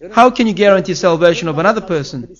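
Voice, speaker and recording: A man's voice: high voice, expressive, quick pace, highs cut off. A man preaching a sermon as pastor, earnest and emphatic, his voice rising on key phrases.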